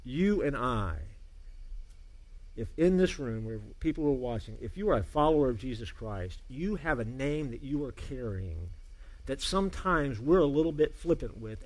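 A male pastor preaching a sermon to a congregation, earnest, urging loudly at times and dropping to a hushed emphasis. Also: medium pitch, animated, normal speed.

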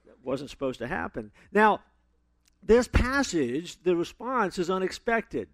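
A man's voice: high-pitched, big pitch swings, unhurried, dry recording. A man preaching a sermon as a pastor, telling stories and acting out the people he quotes. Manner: storytelling, acts out quoted voices with big swings.

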